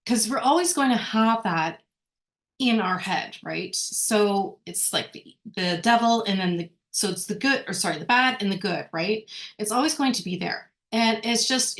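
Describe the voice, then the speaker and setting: A woman leading a workshop lesson, talking conversationally, often checking in with "right?" and correcting herself as she goes. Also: mid-range voice. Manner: rambling with frequent self-corrections. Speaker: workshop speaker. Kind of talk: informal teaching talk.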